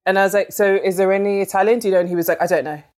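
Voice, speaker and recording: A woman novelist from London, chatting as an interview guest, filling with "like" and acting out quoted dialogue. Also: very fast. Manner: chatty, fills with "like", acts out quoted dialogue with lively pitch jumps. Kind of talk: casual storytelling interview.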